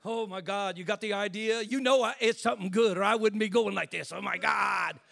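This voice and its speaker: An older man preaching an impassioned sermon as a bishop, dropping to hushed asides and rising to shouts. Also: high-pitched, brisk, vocal fry.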